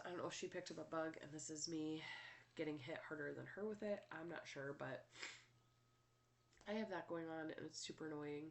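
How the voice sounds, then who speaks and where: A woman's voice: low voice, gravelly. Congested woman vlogging candidly. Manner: candid and rambling, many fillers. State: congested, stuffy nose. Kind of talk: casual personal vlog.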